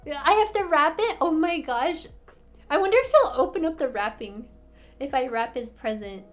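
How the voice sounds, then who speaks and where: A bubbly American woman with a high voice chats casually on a live stream, giggling as she answers viewers' questions. Soft music plays faintly behind her. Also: expressive, normal speed. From United States. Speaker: livestream host answering chat. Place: apartment in Korea.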